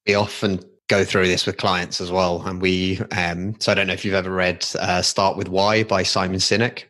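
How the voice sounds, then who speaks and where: A man on a podcast, talking through his work with clients in a measured, explanatory way. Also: low-pitched, little pitch movement, a bit bright. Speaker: podcast guest, agency founder. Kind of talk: casual podcast chat.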